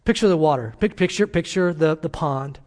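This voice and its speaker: A man's voice: fairly high pitch, fairly quick, darkish tone. A man, a senior pastor, preaching a sermon to a congregation in a church, telling stories earnestly and urging his listeners. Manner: earnest storytelling, emphatic exhortation.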